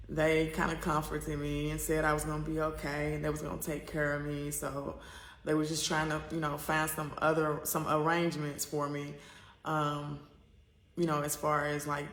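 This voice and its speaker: A woman vlogger from the United States talks straight to camera, wandering through her story with lots of fillers and false starts. Her voice has a gravelly edge. The room around her is echoey. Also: deep voice. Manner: rambling and candid, with many fillers and restarts.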